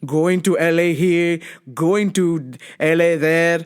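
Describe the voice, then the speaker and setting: A woman's voice: on the low side, steady tone, slow pace, smooth, voice pushed down. A woman imitating her elderly father as he lectures sternly and repeats himself. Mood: lecturing.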